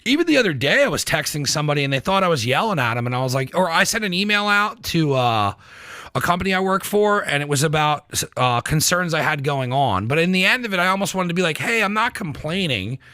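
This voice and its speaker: Bright, animated podcast host man. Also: a little high, fast talker, no echo. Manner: profane, animated storyteller, acts out quoted rants. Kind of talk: casual podcast chat.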